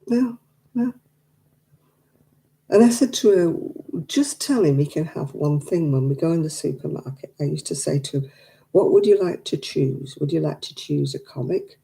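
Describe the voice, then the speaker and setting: A woman's voice: lowish voice, creaky, dark tone. An older woman, telling stories in casual chat and acting out the dialogue. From England. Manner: chatty, acts out quoted dialogue. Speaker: craft night participant.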